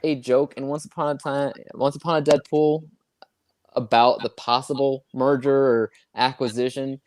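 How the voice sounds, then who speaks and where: A man chatting as a guest, speaking in a relaxed and somewhat hesitant way at a medium pitch. The recording is dry and close. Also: moderate pace, dry recording. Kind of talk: casual chat.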